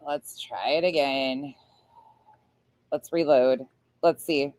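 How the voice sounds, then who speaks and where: A woman's voice: rumbling low, steady tone, slow, darkish tone. A woman co-hosting a casual livestream, dropping sarcastic side remarks and the odd swear. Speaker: livestream co-host.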